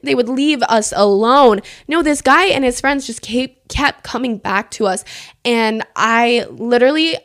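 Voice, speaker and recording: A young woman telling a storytime on camera, chatty and indignant, peppering every sentence with "like" and swearing freely. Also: on the high side. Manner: emphatic, indignant retelling. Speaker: storyteller vlogger. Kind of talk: casual storytime monologue. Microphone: camera mic.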